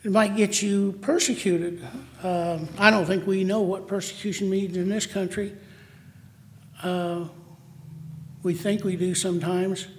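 A man preaching a sermon, halting often to restart and correct himself as he reads scripture and talks it through. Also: high-pitched, little pitch movement, a little hiss or hum. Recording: long hall reverb.

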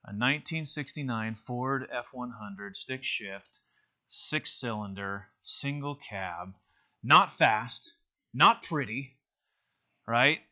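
A man's voice: medium pitch, expressive, takes it slowly, pushed and bright. A man teaching an interactive church lesson in a conversational way, with many fillers and restarts.

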